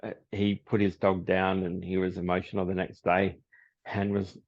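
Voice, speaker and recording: A man, a psychic medium, telling stories in a relaxed podcast chat and laughing often. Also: deep voice, normal speed. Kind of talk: casual podcast interview. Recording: dull lo-fi audio.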